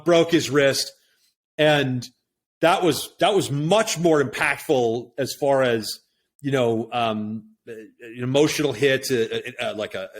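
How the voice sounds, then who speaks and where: A middle-aged man talking as a podcast guest in a casual, reflective way, often checking in with "right?". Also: medium pitch. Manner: reflective, tags points with "right?". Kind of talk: casual conversation.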